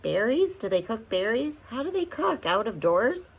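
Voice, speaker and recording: A woman reading an audiobook, voicing an anxious tiny mother with a husky, moaning voice. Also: medium pitch, lively intonation, moderate pace, pitched above the performer's own voice, low-quality recording. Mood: fretful. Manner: worried, pleading.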